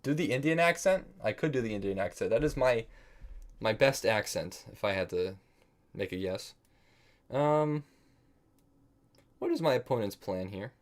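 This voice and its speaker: Pausing often, an American man with a lowish, lively-sounding voice speaks at normal speed while streaming online chess. He thinks aloud about his moves, berates himself for slip-ups, and keeps up casual banter with viewers.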